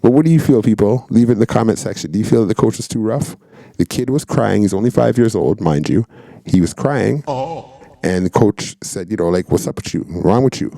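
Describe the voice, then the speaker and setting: A man's voice: lowish voice, fairly quick, creaky, mellow. A man hosting a show, casually commenting on clips and asking viewers to weigh in. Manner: laid-back, chatty, asks viewers to comment. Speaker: host reacting to clips.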